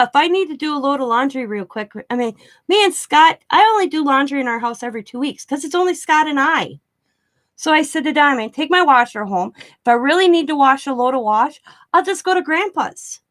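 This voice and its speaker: A middle-aged woman talks straight to her viewers in a loose, rambling way. Her voice sits a little high, and she laughs often and restarts her sentences as the stories spill out. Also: a bit bright. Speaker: craft vlogger. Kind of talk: casual storytelling chat.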